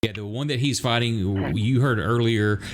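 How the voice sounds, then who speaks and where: A man narrating as dungeon master of a tabletop game, halting and searching for words with many fillers. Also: medium pitch.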